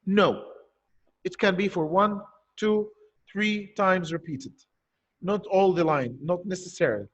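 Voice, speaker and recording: A man's voice: high-pitched, slow pace, a bit bright, muffled recording. A male teacher giving an online poetry lesson, explaining step by step and asking and answering his own questions. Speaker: primary school teacher.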